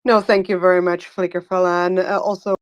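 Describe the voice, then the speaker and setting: Halting woman hosting a live audio chat. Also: lowish voice, no echo. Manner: halting, many filler sounds, excitable. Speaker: host.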